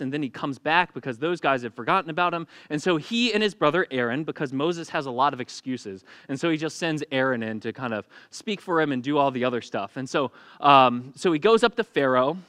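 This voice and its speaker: A man's voice: a little high, a little fast, few pauses, pushed and bright, smooth, no echo, clean studio sound. A man preaching a sermon in a casual, humorous storytelling manner, acting out the people he quotes. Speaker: pastor.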